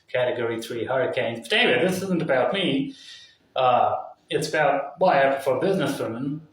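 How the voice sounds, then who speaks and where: A man giving a rambling, casual opinion monologue, swearing often and filling it with asides and "you know"s. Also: medium pitch. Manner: casual, profane, full of fillers and asides. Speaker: vlogger. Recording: very echoey room, mic at a distance.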